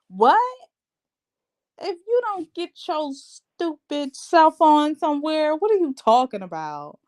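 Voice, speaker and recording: A woman's voice: high voice, sing-song, slow, a little mellow. A woman hosting a reality TV recap in a casual, sassy, blunt rant. She talks straight to her viewers and calls them babe and child.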